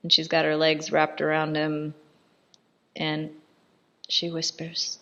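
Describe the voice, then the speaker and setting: A woman giving casual, irreverent commentary over a film, chatty and quick to laugh. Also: sits low, monotone, fairly bright tone, dull audio.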